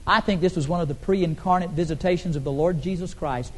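A middle-aged man preaching a sermon as pastor, swinging between emphatic loud rises and soft, drawn-out drops. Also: fairly high pitch.

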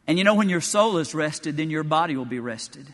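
A man preaching a sermon in a church sanctuary, telling stories with animated, emphatic delivery. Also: fairly high pitch, fairly quick, in a large hall. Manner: animated storytelling preaching, rising to emphatic peaks.

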